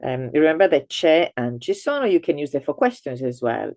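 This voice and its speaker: A woman teaching an online language lesson, explaining slowly with many fillers and restarts, and exaggerating intonation for learners. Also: low-pitched, big pitch swings, darkish tone, no room sound.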